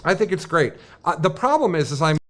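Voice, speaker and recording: A man hosts a gaming livestream in a loose, rambling way, cracking jokes while he fills time. His voice sits a touch higher than most men's. The talk is casual and unscripted. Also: big pitch swings, brisk, a bit bright. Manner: rambling, jokey, filling time. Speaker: stream host.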